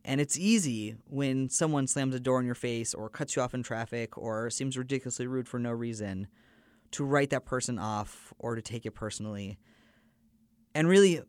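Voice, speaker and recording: A man's voice: mid-range voice, clean tone, dry recording. A man hosting a podcast, telling a personal story in an earnest, conversational way. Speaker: podcast host.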